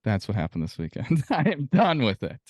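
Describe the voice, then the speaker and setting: A man's voice: on the low side, sing-song, a little fast, a little mellow, no echo, studio quality. A man co-hosting a casual sports podcast, venting in a profane, exasperated rant. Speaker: podcast co-host.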